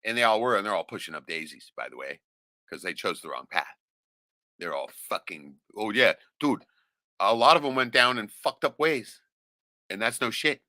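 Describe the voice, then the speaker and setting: A middle-aged man rambles through a personal story, swearing freely and laughing between lines. His voice sits low but rings sharp and forceful. The sound is dry, with no room around it. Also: animated, normal speed, no room sound. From Alaska. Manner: profane, rambling, laughs often, keeps asking "right?". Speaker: vlogger. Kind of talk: casual storytelling monologue.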